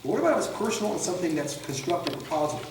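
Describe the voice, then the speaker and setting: A man's voice: high voice, sing-song, racing, slight background noise. A man teaching a de-escalation training class, lecturing animatedly and acting out examples in mocking voices. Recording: echoey room, recorded from far off.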